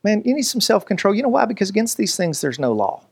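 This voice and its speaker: A man, preaching a lively, joking sermon as pastor. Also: high-pitched, fast, gravelly, breathy edge. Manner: animated, joking, preacherly delivery with voices and asides.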